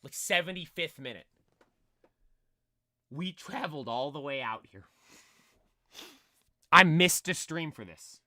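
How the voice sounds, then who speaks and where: Young male streamer, high-pitched and dry, with a slightly strained voice; an animated, rambling storyteller. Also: measured pace, long pauses, no echo. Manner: animated, rambling, many fillers and restarts. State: voice nearly lost from screaming. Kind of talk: excited storytelling.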